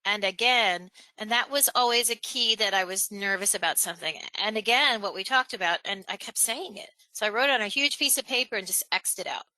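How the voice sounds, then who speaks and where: A woman presenting a live webinar on speaking skills, animated and chatty, acting out examples. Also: a little fast, few pauses, no room sound, poor audio. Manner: animated, acts out examples in a higher voice, laughs between points. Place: online webinar, home or office.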